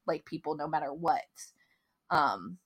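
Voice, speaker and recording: A woman's voice: deep voice, lively intonation, unhurried, slightly rough. A woman in her thirties co-hosting a podcast, chatting casually in long run-on stories. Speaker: podcast co-host. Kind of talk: casual chat.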